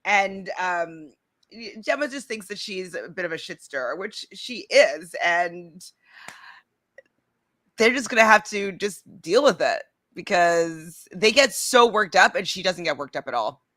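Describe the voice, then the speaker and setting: A woman co-hosting a casual reality show recap, chatty and animated, with lots of likes and restarts. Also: fairly low pitch, a little slow.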